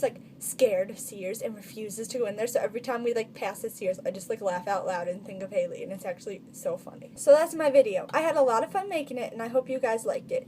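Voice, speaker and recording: A woman's voice: a little high, darkish tone, a little hiss or hum. A teenage girl telling funny stories in a casual vlog, chatty and full of filler words. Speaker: vlogger.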